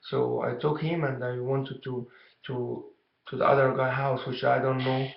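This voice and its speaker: A young man tells a childhood story casually to camera, rambling and halting with lots of "you know". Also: medium pitch, little pitch movement, creaky. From Egypt. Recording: dull, echoey room recording.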